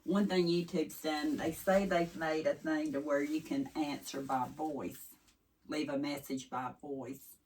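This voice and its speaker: An East Tennessee vlogger with a Southern accent rambles folksily to her audience, often drifting off track. Her voice sits low and a little mellow, unhurried, with fairly even intonation, and the mic picks her up from a bit of a distance.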